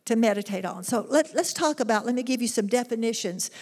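A woman delivers a sermon, earnest and emphatic, asking her listeners rhetorical questions. Her voice sits fairly high. A long reverb trails her words as in a large hall. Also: lively intonation, brisk, a little mellow, breathy edge. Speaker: preacher.

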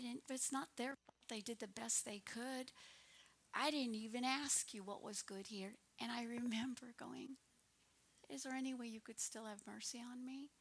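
A woman in her sixties giving an earnest personal testimony as a minister, often dropping into a soft, breathy near-whisper. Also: a little high.

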